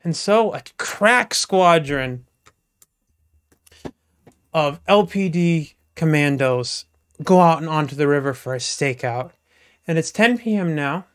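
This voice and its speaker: Live storyteller, stretched-out joke, sudden loud bursts. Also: medium pitch, lively intonation, clean tone. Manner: drawn-out, playful narration with sudden bursts. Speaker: comedic storyteller. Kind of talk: live shaggy-dog joke telling.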